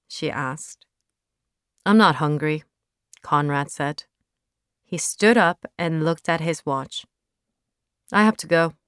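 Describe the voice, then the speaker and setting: A woman reading a story aloud as narrator, slowly and plainly, lifting her voice a little for the quoted lines. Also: deep voice, clear, resonant tone, no echo, clean studio sound.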